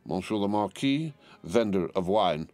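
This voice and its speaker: A grave, calm wine vendor, voiced by a male narrator speaks slowly and gently, with quiet firmness. His voice sits low and deep. The reading is dry and close, with faint music underneath. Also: no echo. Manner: slow, calm and consoling.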